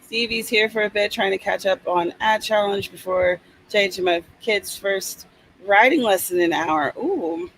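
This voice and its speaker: A woman's voice: mid-range voice, lively intonation, moderate pace, fairly bright tone, low-quality recording. Woman host, casual and playful, reads out chat comments over a faint hiss on a streamed call.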